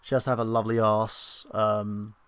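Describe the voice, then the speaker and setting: A man's voice: lowish voice, completely flat delivery, moderate pace, a bit bright, smooth. A man hosting a live stream, chatting casually and crudely, joking and making loose asides. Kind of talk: casual rambling chat.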